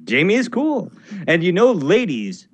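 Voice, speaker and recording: A man's voice: sits high, wildly swooping pitch, unhurried. A man co-hosting a casual radio talk show, easygoing and chatty, laughing readily.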